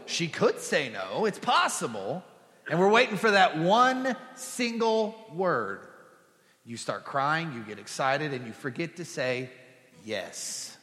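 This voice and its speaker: Joking pastor in a reverberant church hall. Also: male voice, sing-song, measured pace, pushed and bright. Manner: chatty, jokey, with put-on high squeals for quoted women. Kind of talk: humorous sermon storytelling. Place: church sanctuary.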